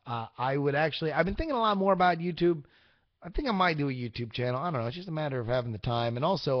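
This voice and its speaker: A young man hosting a casual live-streamed podcast, answering chat with rambling, profane, excitable rants. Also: on the high side, no echo, dull audio. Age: young adult. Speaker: podcast host.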